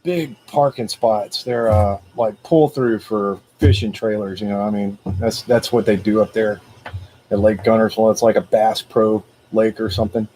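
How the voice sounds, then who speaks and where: A man hosting a motivational video, telling a personal story in a casual, animated, slangy way. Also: fairly low pitch, moderate pace, slight background noise. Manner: greets viewers live by name.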